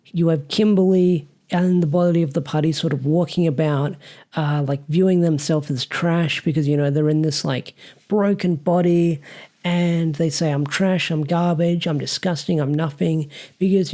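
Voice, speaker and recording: Mellow Australian reviewer, rambling. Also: medium pitch. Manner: rambling, frequent "like" fillers. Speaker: comic reviewer. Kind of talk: casual spoken review.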